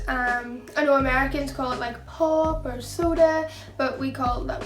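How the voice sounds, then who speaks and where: A woman's voice: high voice, fairly even intonation, normal speed. A young woman with a Northern Irish accent, chatting casually to camera as a vlogger. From Northern Ireland. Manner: chatty, many fillers. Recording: echoey room with faint music.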